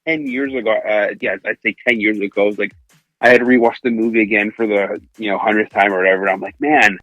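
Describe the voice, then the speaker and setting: A man's voice: fairly low pitch, steady tone, fast, a bit bright, no room sound, lo-fi sound, faint music behind. A young man hosting a casual podcast film review, laughing often and acting out movie lines in put-on voices. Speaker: podcast host.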